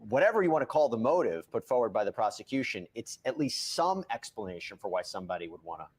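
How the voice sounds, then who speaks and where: A man hosting a live news commentary show, animated and quick, often jumping in over his guest. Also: fairly low pitch, husky.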